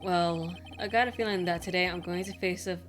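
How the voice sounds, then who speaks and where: A woman voicing a determined young male defense lawyer in her own voice, earnest and measured. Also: lowish voice, fairly even intonation, faint music behind, lightly acted. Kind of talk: reading game dialogue aloud.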